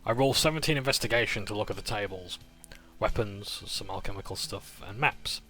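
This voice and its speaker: A man's voice: fairly low pitch, a little fast, bright, forceful tone, soft background music. A man recapping a tabletop game session in a casual, rambling way. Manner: rambling, with fillers and restarts.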